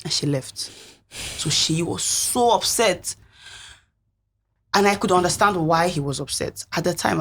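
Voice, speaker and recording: A young woman, a reality show contestant, recounting events in an interview in an earnest, reflective way, with a husky voice. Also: deep voice.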